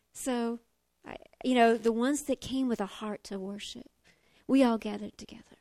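Tearful high-voiced woman preaching. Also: a little slow. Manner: expressive and confessional, swinging from loud to hushed, tearful at times. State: close to tears. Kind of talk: emotional sermon.

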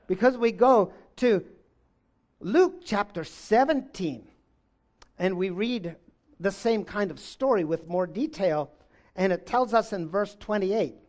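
High-voiced animated male preacher. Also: slow. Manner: animated, shifts from loud exclamations to low intensity. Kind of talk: sermon with scripture reading.

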